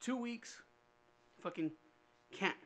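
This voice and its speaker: A man with a high voice tells a childhood story on a casual podcast. He curses a lot and acts out each person he quotes with lively swings in pitch. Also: takes it slowly. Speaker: podcast co-host.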